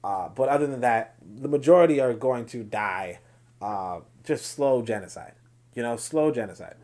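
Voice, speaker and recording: A man's voice: medium pitch, expressive, moderate pace, a little mellow. A man hosting a casual solo commentary show, reading posts aloud and talking through them in a rambling, blunt way with many fillers and restarts.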